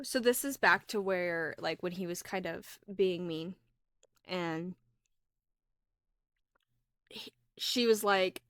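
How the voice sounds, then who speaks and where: A young woman co-hosting a casual book podcast, animated as she retells scenes and reads passages aloud. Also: on the low side, unhurried, long pauses, no echo, clean studio sound. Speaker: podcast co-host.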